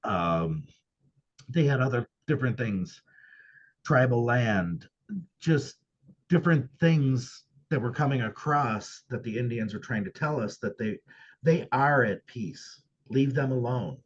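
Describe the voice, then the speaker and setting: A man's voice: medium pitch, animated, measured pace, slightly rough, muffled recording. A man who owns a paranormal venue, speaking as a guest in a casual interview and telling his experiences earnestly and emphatically.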